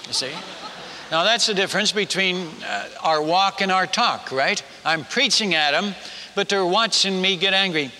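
A man preaching a storytelling sermon as a missionary, halting and self-mocking, often stumbling and repeating his words. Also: high voice, bright, forceful tone, big-room sound, a little hiss or hum.

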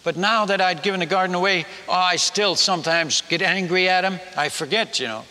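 A man preaching a storytelling sermon as a missionary, halting and self-mocking, often stumbling and repeating his words. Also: high-pitched, pushed and bright, long reverb tail.

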